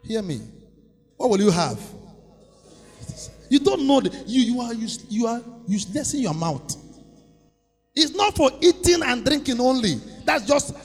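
A male pastor preaching a sermon, shouting and chanting lines for the congregation to repeat. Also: extremely high pitch, sing-song, measured pace, long pauses, slightly rough. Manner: preaching with sudden shouts and sing-song rises, leading call-and-response. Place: church. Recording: echoey church hall with faint music.

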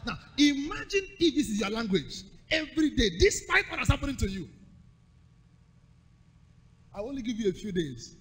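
A man's voice: very high-pitched, sing-song, moderate pace, pauses often, a bit bright, breathy edge, long reverb tail. A man preaching a sermon with rhythmic call-and-response repetition and emphatic delivery.

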